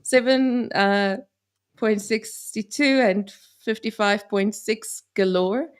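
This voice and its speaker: A woman's voice: medium pitch, steady tone, takes it slowly, smooth. A woman with an Afrikaans accent from South Africa, co-hosting a casual chat and telling stories with lots of laughs and quoted asides. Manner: giggly storytelling with quoted asides. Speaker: co-host.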